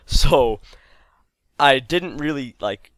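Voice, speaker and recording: A young man casually telling a funny childhood story for his video channel, voicing himself and his mother with big jumps in pitch. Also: animated, slow pace, a bit bright, no echo.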